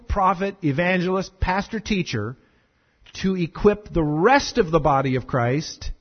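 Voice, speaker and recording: A man preaching a conversational sermon as pastor, chatty and animated, with many fillers and repeated words. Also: sits high, husky, lo-fi sound.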